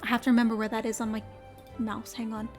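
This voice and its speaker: A woman's voice: on the high side, level tone, fast, a little mellow, faint music behind. A woman streamer chatting casually while playing, muttering reminders to herself. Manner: chatty and self-talking, mutters instructions to herself. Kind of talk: casual gaming stream chat.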